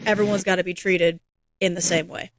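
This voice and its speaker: A woman co-hosting a podcast in casual chat, talking in a measured way with frequent "I mean" and "um.". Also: lowish voice, little pitch movement, background noise. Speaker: podcast co-host.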